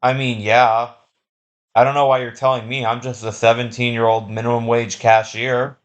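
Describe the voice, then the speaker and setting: A young man spins comic stories about his job at a mid-range pitch. He is sarcastic and crude, with deadpan asides between the tales. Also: normal speed. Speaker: comedy storyteller. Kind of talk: comic storytelling with acted customer voices.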